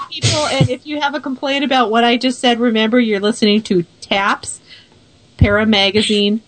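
A woman's voice: fairly high pitch, level tone, moderate pace, slight background noise. A woman co-hosting a paranormal radio talk show, chatting casually with joking, self-deprecating banter. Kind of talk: casual chat.

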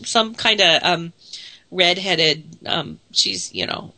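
A woman co-hosting a radio talk show, hoarse from a cold, chatting casually with lots of laughs and restarts. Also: lowish voice, slow pace, bright, forceful tone, no echo. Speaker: radio co-host. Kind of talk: casual chat.

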